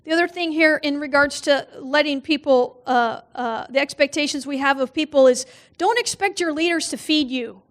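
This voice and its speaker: A woman with a high voice preaches in a church as a guest speaker. She tells funny personal stories, acts out the people in them and laughs often as she goes. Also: moderate pace, hardly any pauses.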